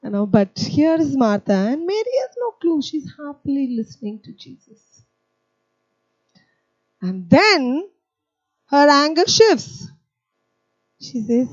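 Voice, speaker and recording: A woman's voice: high voice, takes it slowly, pauses often, no echo, muffled recording. A woman preaching a sermon, telling stories with humour and acting out scenes. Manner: animated, humorous storytelling, acting out scenes.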